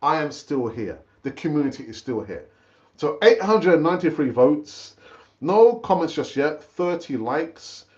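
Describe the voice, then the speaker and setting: A man's voice: a little high, sing-song, unhurried, darkish tone, muffled recording. Chatty man hosting a live fan stream. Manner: chatty, repeats himself, calls viewers brother. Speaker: football fan channel host. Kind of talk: casual live stream chat.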